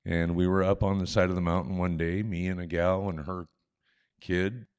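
Older male storyteller with a lower voice, animated and self-deprecating, chuckling through a story into a stage mic. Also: moderate pace, clean tone. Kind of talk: live personal storytelling. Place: on stage at a live event. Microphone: stage microphone.

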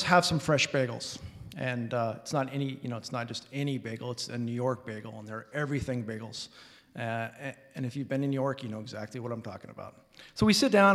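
A man from Alaska telling a personal story on stage, animatedly acting out relatives' lines. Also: mid-range voice. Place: hall before an audience. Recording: reverberant hall.

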